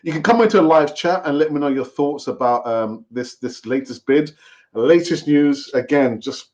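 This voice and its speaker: A man hosting a casual live football fan stream, talking in an animated, repetitive, rambling way. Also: fairly high pitch, dull audio. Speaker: football fan channel host.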